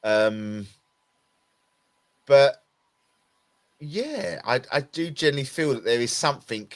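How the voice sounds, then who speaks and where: A man's voice: mid-range voice, lively intonation. Tired, rambling man from Essex. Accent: Essex English. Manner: rambling, halting, many restarts. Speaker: podcast co-host. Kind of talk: casual conversation.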